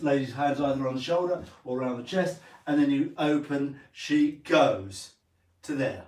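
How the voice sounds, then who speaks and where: A man's voice: on the high side, far from the mic. An English man leading a live-streamed dance lesson, chatting with viewers while counting and singing out the steps. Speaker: dance teacher. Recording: roomy sound from away from the mic.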